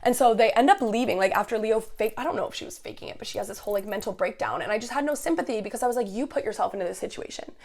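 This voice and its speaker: A woman's voice: a little high, very fast, few pauses. A young woman in her twenties, casually telling a heated story, swearing often and acting out what people said. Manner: swears a lot, heated and animated, quotes people as she tells it. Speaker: podcast host.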